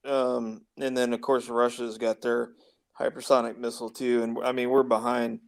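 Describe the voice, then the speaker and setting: A man's voice: medium pitch, flat delivery, normal speed, creaky. A man from the United States hosting a casual podcast chat, rambling and laughing often. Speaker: show host.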